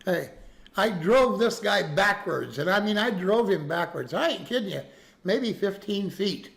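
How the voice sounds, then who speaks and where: Gravelly man rambling through a story. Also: high-pitched, expressive, measured pace, fairly bright tone. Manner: rambling, lots of restarts and "okay?" tag questions. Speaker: streamer telling a story to chat. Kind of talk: casual spoken storytelling.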